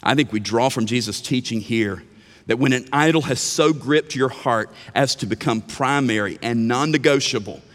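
A man preaching a sermon as pastor, animated, swinging from emphatic lines to hushed ones. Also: medium pitch, moderate pace, in a large hall. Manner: animated preaching with sudden drops to a hush. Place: church sanctuary.

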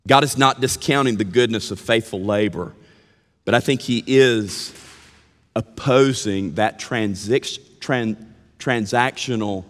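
Man, preacher, sermon, measured and emphatic, unhurried, reverberant church hall. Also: lowish voice.

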